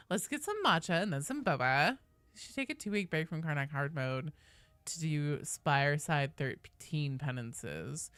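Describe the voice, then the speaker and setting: A woman's voice: sits low, lively intonation, a little slow, a bit bright, no room sound. A woman streaming a game live, chatting casually and playfully with viewers and swearing freely.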